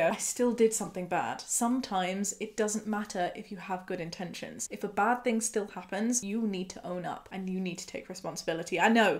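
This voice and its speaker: A woman host reading a Reddit post aloud and breaking in with emphatic, expressive commentary. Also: mid-range voice. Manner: expressive, switching between reading and emphatic asides. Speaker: YouTube host.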